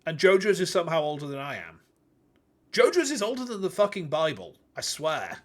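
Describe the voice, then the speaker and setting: A man's voice: on the high side, big pitch swings, a little fast, slight background noise. A man in his thirties casually chatting and swearing while streaming a game. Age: 30s. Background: game music.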